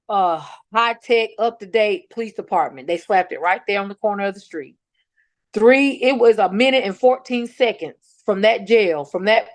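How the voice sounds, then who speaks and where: A woman's voice: medium pitch, no room sound. A middle-aged woman, a bereaved mother telling her story in a podcast interview, emphatic and quoting her own words. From North Carolina. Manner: emphatic, retells confrontations, quotes herself. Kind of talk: personal account in a podcast interview.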